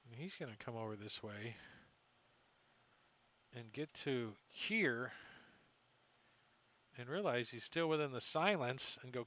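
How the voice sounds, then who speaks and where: A man narrating as dungeon master, talking slowly and offhandedly as he moves pieces on a virtual map. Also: medium pitch, pushed and bright, rough recording. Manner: slow, offhand, thinking aloud while moving tokens. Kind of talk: narrating a tabletop game online.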